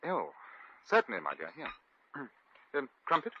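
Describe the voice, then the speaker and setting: An actor playing a posh, stammering English lord in a 1940s radio drama. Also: male voice, medium pitch, wildly swooping pitch, moderate pace, bright, forceful tone, slight background noise. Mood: doting. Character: doting, bumbling English lord, young gentleman. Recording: lo-fi vintage radio recording.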